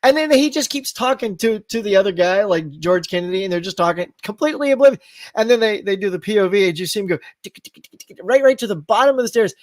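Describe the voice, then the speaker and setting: Excitable man chatting to his live viewers. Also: sits high, fast, dry recording, studio quality. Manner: rambling and animated, laughs at his own tangents. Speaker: host of a live movie chat show. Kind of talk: casual live-stream chat reading viewer comments.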